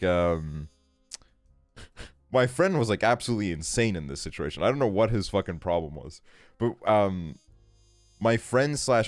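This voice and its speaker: A man's voice: sits low, no room sound. A young man streaming a game, telling a casual story in a rambling way, full of fillers and swearing. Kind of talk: casual storytelling while gaming.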